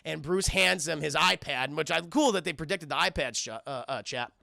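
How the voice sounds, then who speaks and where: Gravelly high-voiced man recapping for chat. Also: moderate pace, bright, forceful tone, dry recording, studio quality. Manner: rambling, profane, addresses chat. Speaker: cartoon reviewer. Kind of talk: live-stream episode recap.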